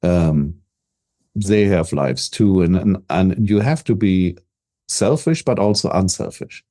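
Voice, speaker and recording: An older man from Germany with a German accent, talking as a business coach in an interview, self-assured and energetic, often repeating words as he starts a thought. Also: low-pitched, slow pace. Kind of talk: casual interview talk.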